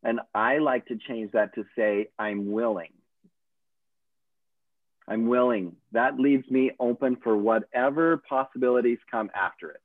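A man's voice: medium pitch, normal speed, hardly any pauses, no room sound. A man, a coach, giving earnest and encouraging advice in a casual chat. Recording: tinny phone-like line, dry.

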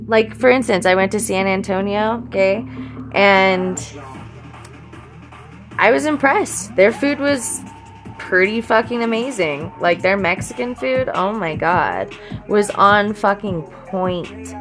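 Slow-talking young woman joking profanely. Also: medium pitch, faint music behind. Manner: profane, joking, laughs often, many fillers. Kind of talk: casual comic monologue.

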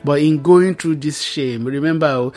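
A man's voice: fairly high pitch, normal speed, darkish tone, faint music behind. A man preaching a Bible teaching sermon, reading scripture aloud and explaining it with emphatic repetition.

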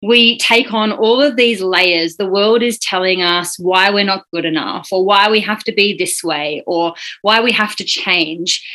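A woman, a podcast guest describing her journaling community, earnest and quick to laugh. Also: lowish voice, pushed and bright, poor audio. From New Zealand. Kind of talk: interview answers.

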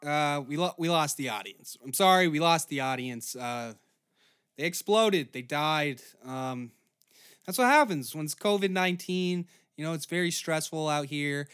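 A man hosts a comedy podcast in a bright, sharp voice that sits fairly high. He begs for money with mock desperation, swears freely and spells things out slowly. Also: animated, clean tone. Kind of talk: comedic monologue.

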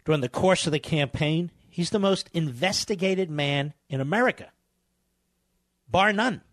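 Man, talk radio host, combative, scornful, higher-pitched voice, dry close sound. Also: normal speed, a bit bright, no echo. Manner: scornful, hammering repetition, insults opponents.

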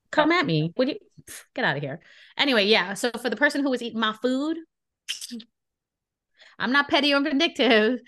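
A woman from Brooklyn tells a story in casual podcast chat. She is animated and indignant and plays out each side of the conversation. Her pitch stays in a middle range. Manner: animated, indignant, acts out dialogue. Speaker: podcast co-host.

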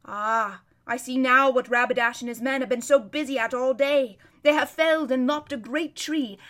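A woman's voice: high voice, a bit bright. A woman voicing an old male hermit who describes a distant battle as a vivid, emphatic running commentary. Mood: watchful.

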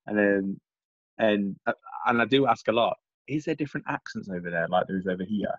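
A man's voice: on the low side, a little fast, a bit bright, no echo, muffled recording. A middle-aged English man in casual chat, rambling with many restarts and repeats. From England. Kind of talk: casual chat over a call.

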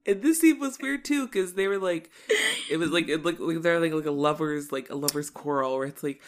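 A woman co-hosting a podcast, chatting casually about an episode, animated, swearing casually and acting out quotes. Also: low-pitched, brisk. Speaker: podcast co-host. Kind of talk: casual chat recapping a TV episode.

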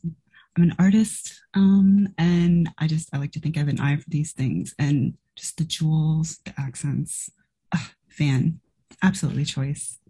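Effusive fashionista artist, played by a woman, very husky and dark. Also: low voice, fairly even intonation, unhurried. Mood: gushing. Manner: gushing, effusive. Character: flamboyant fashion-loving artist with an eye for style.

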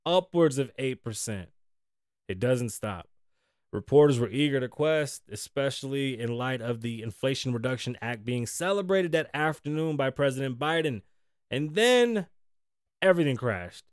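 A man's voice: mid-range voice, clear, resonant tone, dry recording, clean studio sound. A young man hosting a casual news podcast, ranting sarcastically with heavy swearing and mocking asides. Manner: profane, rambling, sarcastic rants with mocking asides. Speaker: podcast host.

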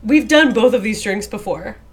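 A woman's voice: mid-range voice, expressive, a crowd in the background. A woman co-hosting a casual podcast, bantering and teasing her co-hosts. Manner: teasing, slow-paced banter. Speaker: podcast co-host. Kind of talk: casual chat.

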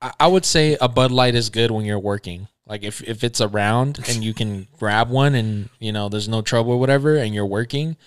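A man's voice: on the low side, fairly quick, hardly any pauses, clean tone, no room sound. A man in his mid-twenties, co-hosting a podcast in casual chat, laid-back and swearing freely in slang. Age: 20s. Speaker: podcast co-host.

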